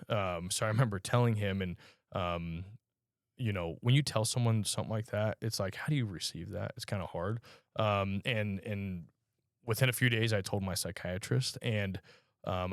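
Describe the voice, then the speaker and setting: Earnest, halting man with a low voice. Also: no room sound, studio quality. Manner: halting, earnest storytelling with frequent pauses. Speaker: podcast guest. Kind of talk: personal testimony in a conversational interview.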